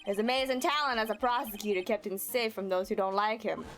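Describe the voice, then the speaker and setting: A woman doing a gruff New York detective. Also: mid-range voice, fairly even intonation, fast talker, fairly bright tone, soft background music, natural voice. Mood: earnest. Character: gruff male police detective, loyal and earnest.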